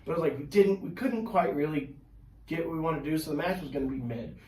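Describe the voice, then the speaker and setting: A man guesting on a podcast, telling his stories in casual chat, animated and full of fillers, swearing freely. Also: fairly high pitch, fast. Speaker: podcast guest, pro wrestler. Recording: echoey room, mic at a distance.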